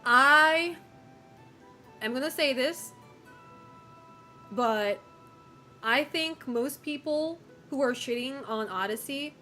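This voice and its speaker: A woman's voice: high voice, takes it slowly, pauses often, pushed and bright, faint music behind. A woman streamer chatting casually with viewers, opinionated, swearing and laughing often.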